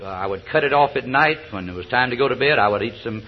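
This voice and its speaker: Speaking fast in a mid-range, animated voice, this older South Georgia man shares his testimony at a recovery meeting. He tells folksy stories laced with jokes, chuckles, and halting fillers, all captured on a dull old lo-fi recording.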